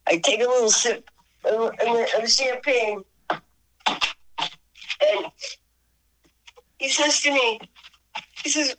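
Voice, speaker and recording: An older woman, a singer and podcast guest, telling a story in casual chat, animated and laughing often as she acts out both sides of a conversation. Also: on the high side, takes it slowly, long pauses, poor audio. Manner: animated, laughing often, voices her friend's lines.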